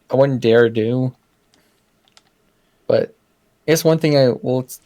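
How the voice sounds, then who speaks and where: A man's voice: medium pitch, warm tone, clear, resonant tone. A man co-hosting a podcast, chatting casually and gushing with enthusiasm about what he loves. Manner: enthusiastic, gushing with fan praise. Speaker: podcast co-host.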